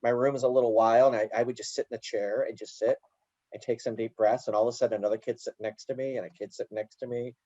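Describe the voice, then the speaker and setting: A man explaining calmly in an interview, often slipping into little acted-out quotes of parents and children. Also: mid-range voice, fast talker, no echo, lo-fi sound. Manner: animated storyteller acting out little quoted dialogues. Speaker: guest, educator. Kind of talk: conversational interview answer.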